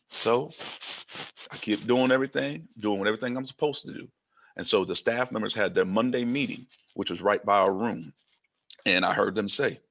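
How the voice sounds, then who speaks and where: A male keynote speaker from Kentucky with a low, gravelly voice. He tells his own life story with comic timing and acts out each scene. A faint hiss sits behind him. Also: moderate pace. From Kentucky, United States. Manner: animated, comic, acts out dialogue.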